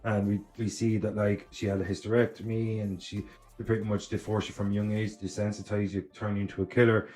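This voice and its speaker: A man's voice: lowish voice, level tone, fast talker, warm tone. A man co-hosting a podcast, blunt and opinionated, swearing freely in casual chat. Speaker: podcast co-host.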